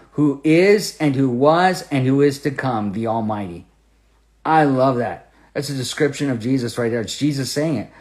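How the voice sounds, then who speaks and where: Male podcast Bible teacher with a slightly high voice, emphatic and repetitive, moving between loud and quiet. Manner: emphatic, repeats key phrases.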